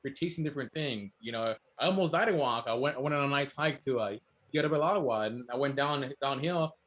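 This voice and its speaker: A man's voice: mid-range voice, muffled recording. A man, a guest chef, telling stories in casual chat and acting out quoted voices. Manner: fast, storytelling, animated quotes.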